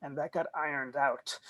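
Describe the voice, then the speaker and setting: A man's voice: fairly high pitch, steady tone, measured pace, pushed and bright. A middle-aged man from Germany with a faint German accent, an actor chatting thoughtfully on a video-call panel, hesitating often with ums. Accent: slight German.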